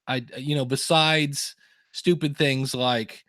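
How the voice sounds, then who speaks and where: A man's voice: on the high side, steady tone, unhurried, fairly bright tone, no room sound, studio quality. Chatty man hosting a podcast. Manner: rambling storyteller, acts out quotes in funny voices. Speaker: podcast host. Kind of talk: casual podcast chat.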